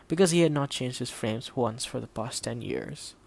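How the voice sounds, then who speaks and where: A man narrates an audiobook at a steady, measured pace. His mid-range voice carries a gravelly texture, and he keeps the characters' lines quiet rather than theatrical. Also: medium pitch.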